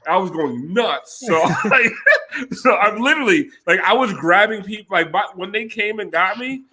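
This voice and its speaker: A man's voice: high voice, expressive, moderate pace, bright, forceful tone. A man telling a rowdy, profane story on a casual chat show, laughing often.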